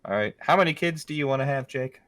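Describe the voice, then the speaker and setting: A young man with a mid-pitched voice answers a rapid round of questions. His replies are dry and witty. The talk is a relaxed chat between friends. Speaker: podcast co-host. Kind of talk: casual chat, quick-fire answers.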